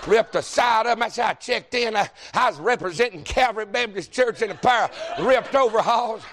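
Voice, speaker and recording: Man, pastor, very high voice, folksy sermon, shouting preacher. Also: lively intonation, brisk, noisy background. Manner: folksy, joking, builds to shouting.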